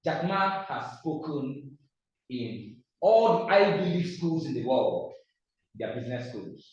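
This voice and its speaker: A man's voice: mid-range voice, big pitch swings, measured pace, darkish tone. A man with a Nigerian English accent teaching public speaking to a live class. He talks emphatically, repeats phrases and quizzes the audience. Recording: echoey, distant, dull room recording.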